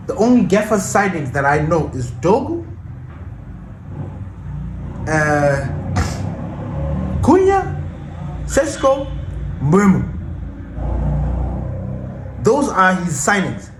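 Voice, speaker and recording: A man's voice: on the high side, roomy sound, noisy background. A man hosting a football fan channel, ranting passionately and defiantly about his team in casual commentary.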